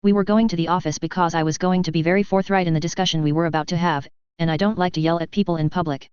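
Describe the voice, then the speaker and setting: A woman's voice: on the low side, fairly even intonation, racing, darkish tone, clear, resonant tone, no echo, lo-fi sound, lightly acted. A woman voicing a blunt, exasperated male shop owner who swears and groans at his crew.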